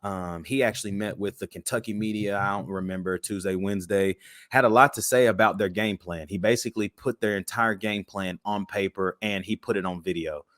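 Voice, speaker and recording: Male podcast co-host, low voice, dry close sound, slangy and hyped. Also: steady tone, a little fast, a bit bright, no echo. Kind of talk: casual sports chat.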